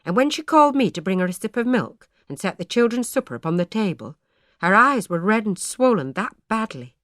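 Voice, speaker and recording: A woman voicing a chatty young village maidservant who gossips in a lively way. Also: mid-range voice, brisk, dry recording, studio quality, voice pushed up. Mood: gossiping.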